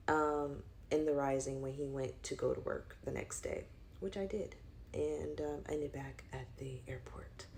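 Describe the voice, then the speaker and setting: A woman's voice: deep voice, gravelly, dark tone. A woman telling a personal story in a casual, rambling way, full of fillers, that flares into heated outbursts.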